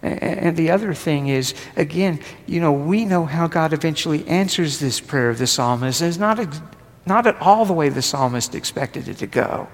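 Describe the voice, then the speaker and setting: A man preaching a sermon, pushing his voice up with force and then sinking into hushed, almost whispered passages. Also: fairly high pitch, moderate pace. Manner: rises and presses hard, then drops to a hushed near-whisper. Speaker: pastor. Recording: long hall reverb, faint noise.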